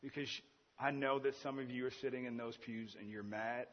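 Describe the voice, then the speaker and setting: A man's voice: mid-range voice, steady tone, a little fast. A man preaching a sermon in a church, earnest and driving his point with repeated rhetorical questions. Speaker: pastor. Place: church sanctuary. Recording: dull, echoey church hall sound.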